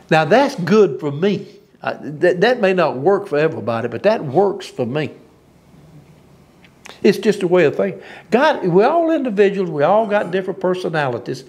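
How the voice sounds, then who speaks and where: A preacher with a drawl delivers an informal sermon in a somewhat high voice. He is folksy and emphatic, and he laughs at his own turns of phrase. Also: big pitch swings, measured pace, creaky, long pauses, a little mellow.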